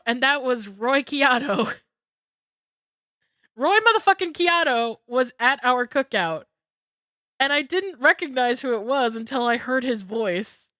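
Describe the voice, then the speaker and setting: A young woman streamer telling a story in casual chat, excitable and swearing freely. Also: fairly high pitch, unhurried, dry recording, clean studio sound.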